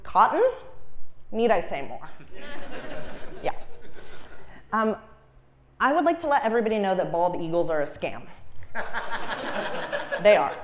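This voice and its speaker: A young woman from Los Angeles performing a stand-up comedy set, animated, laughing at her own jokes and shrieking her punchlines. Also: mid-range voice, unhurried, long pauses, slight background noise. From Los Angeles, USA. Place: comedy stage before a live audience.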